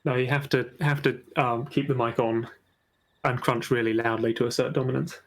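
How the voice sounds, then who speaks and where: A man's voice: mid-range voice, steady tone, normal speed. A man who greets his stream chat and tells rambling, jokey stories full of restarts. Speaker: streamer and player.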